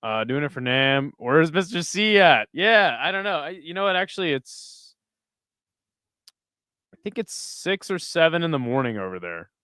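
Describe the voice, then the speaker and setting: A man's voice: fairly high pitch, sing-song, moderate pace, pushed and bright, clean tone, no echo, studio quality. A man from the United States hosting a fight watch party stream, giving crude, joking commentary and chatting with viewers. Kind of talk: casual live-stream commentary.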